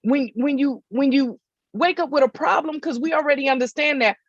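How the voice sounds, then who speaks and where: A motivational speaker gives a faith-centered talk outside in the heat, repeating herself emphatically and often checking on her audience. Her voice sits high and moves fairly quickly, with dull audio and no room sound.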